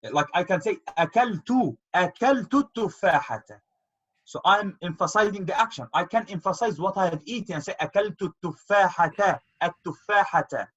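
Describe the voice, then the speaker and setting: A man's voice: high-pitched, fairly bright tone, slightly rough. A man teaching an online grammar lesson, patiently explaining with repeated examples. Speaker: Arabic teacher. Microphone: video call. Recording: dull lo-fi call audio.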